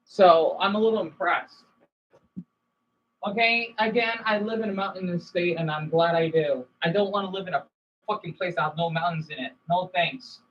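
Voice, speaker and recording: A man's voice: sits high, normal speed, dull audio. Rambling man chatting on a livestream. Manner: rambling, jumps between topics, swears casually. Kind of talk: casual livestream chat.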